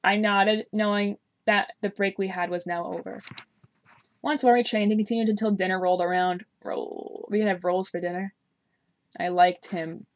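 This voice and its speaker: A woman's voice: mid-range voice, steady tone, normal speed, dull audio. A woman streaming a visual novel game, reading the story aloud and breaking off into chatty, giggly, teasing asides.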